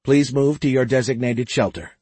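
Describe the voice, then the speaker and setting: A man voicing a female ship computer that announces warnings in a dry monotone over an audiobook. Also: medium pitch, moderate pace, slightly rough, no room sound, voice pushed up, close to an everyday voice. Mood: flat warning. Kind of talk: audiobook character voice.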